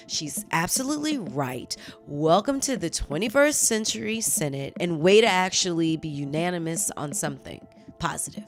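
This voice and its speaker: Female news-commentary host, animated and chatty, lively swings in pitch. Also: moderate pace, soft background music. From United States. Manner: animated, chatty, exclaims and laughs at herself.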